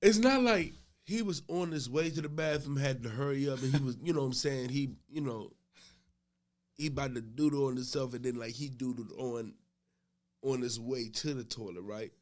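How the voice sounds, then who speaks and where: A middle-aged podcast guest tells a story in casual conversation, beginning laid-back and growing loud and laughing as it builds. He speaks at a medium pitch and normal speed.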